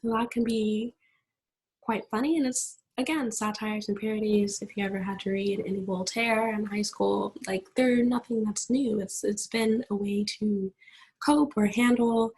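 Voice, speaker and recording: Recording at home while her family can be heard nearby, a US podcast host chats on her own, casually and with lots of fillers and restarts. She speaks at normal speed in a steady, mid-range voice that's a little mellow, and the low-quality audio is slightly rough.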